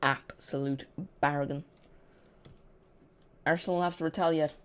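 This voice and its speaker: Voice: mid-range voice, fairly even intonation, measured pace, fairly bright tone, clear, resonant tone. Chatty football watch-along host. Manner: chatty, self-correcting, dry sarcasm.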